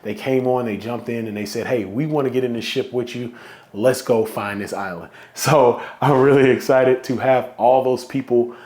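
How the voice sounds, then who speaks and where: A man's voice: medium pitch, fairly even intonation, normal speed, a little mellow. A man hosting a solo podcast, talking casually and with feeling, at times close to getting emotional. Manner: heartfelt, emotional, conversational. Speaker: podcast host.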